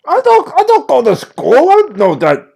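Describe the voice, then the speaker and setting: A man's voice: very high-pitched, wildly swooping pitch, moderate pace, gravelly, darkish tone, pitched above the performer's own voice, heavily acted. A man voicing a cornered young male street gang thug who talks whiny, defiant and uneducated.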